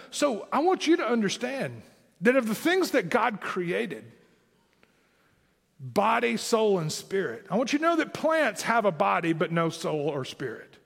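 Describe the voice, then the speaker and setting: A high-voiced pastor with a Southern Tennessee accent, preaching in an animated, swooping way. His sermon rings with a long hall reverb. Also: creaky, husky. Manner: animated preaching with emphatic rising lines.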